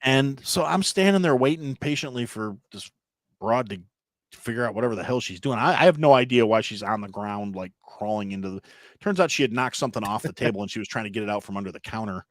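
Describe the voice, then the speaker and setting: Thirties male guest, chef, swearing raconteur with a lively pitch and dry mic sound. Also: no echo. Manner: profane, self-mocking, halting restarts. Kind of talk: casual storytelling.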